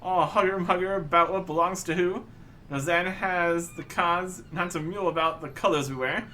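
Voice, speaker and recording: Dude doing a strict sea captain, stiff old-timey talk, kinda sharp and high. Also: male voice, steady tone, normal speed, slight background noise. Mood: scolding. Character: stern scolding male ship captain.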